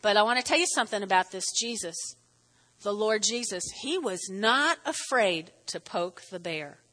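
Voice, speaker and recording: A woman teaching a lively, chatty Bible lesson, acting out quotes as she goes. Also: medium pitch, moderate pace, long reverb tail. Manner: animated, chatty, acts out quotes. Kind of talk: lively sermon.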